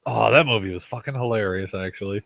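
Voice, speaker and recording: A man's voice: fairly low pitch, quick pace, gravelly, a bit bright, no echo. Joking young man from Minnesota. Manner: joking, swears casually. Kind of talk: casual voice chat.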